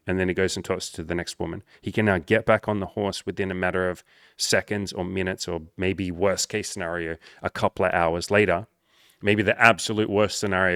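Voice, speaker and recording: A man coaching on dating and life in a casual monologue, blunt and full of swearing, acting out the people he quotes in a higher voice. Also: a bit bright, no echo, clean studio sound. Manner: profane, blunt and emphatic.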